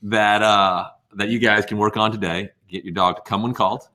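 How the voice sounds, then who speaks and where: A young man co-hosting a dog training webinar, summing up lessons and pitching an offer in an upbeat way. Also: fairly even intonation, normal speed, bright, forceful tone. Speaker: co-host. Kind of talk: webinar presenting.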